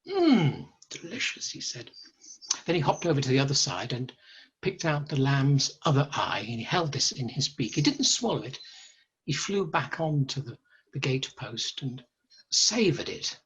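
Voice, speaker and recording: A man narrating a story at a live storytelling evening, in a slow, dry, understated way. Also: mid-range voice, expressive, fairly bright tone, slightly rough, lo-fi sound.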